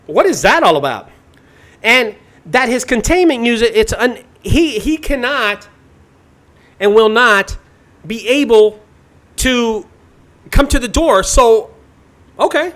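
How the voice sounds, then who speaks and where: Animated man telling a story. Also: high-pitched. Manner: animated, dramatic retelling with sudden loud bursts. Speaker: junk removal business owner. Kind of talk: casual storytelling to viewers.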